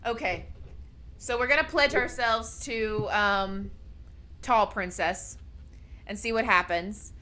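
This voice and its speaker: A young woman at a desk microphone at home chats on her gaming livestream in a medium-pitched, bright, forceful voice. She speaks slowly with long pauses, gushing emotionally and baby-talking to her pets.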